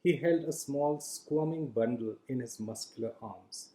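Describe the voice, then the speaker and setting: A man reading his own fantasy novel aloud in calm, measured audiobook narration. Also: mid-range voice, slight background noise, low-quality recording.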